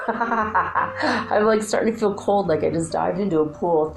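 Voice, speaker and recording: A woman's voice: medium pitch, measured pace, creaky, a little hiss or hum. A middle-aged woman hosting a spiritual talk show, chatty and rambling, laughing often. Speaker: spiritual channeler and show host.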